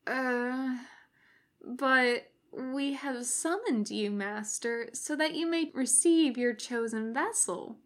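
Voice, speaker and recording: A woman's voice: high voice, slow pace, a bit bright. A woman voicing a young female cultist who speaks formally and zealously to her summoned master. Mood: uncertain. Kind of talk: fan audiobook reading.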